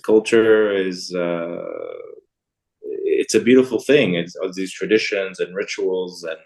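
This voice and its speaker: Low-voiced man chatting with many restarts. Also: fairly even intonation, unhurried, a little mellow. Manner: rambling, with many fillers and restarts. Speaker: interview guest. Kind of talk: casual conversational interview.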